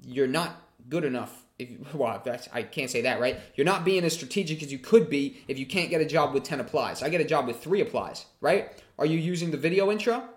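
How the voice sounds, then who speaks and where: A man's voice: a little high, animated, fairly quick. Chatty, foul-mouthed male streamer. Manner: chatty, swears freely, reads chat questions aloud. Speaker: livestreamer answering chat. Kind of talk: casual livestream Q&A.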